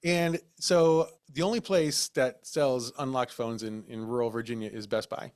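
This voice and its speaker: A man hosting a podcast, telling a story in a casual, comedic way, animated and laughing often. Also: medium pitch, normal speed, clear, resonant tone. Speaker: podcast host.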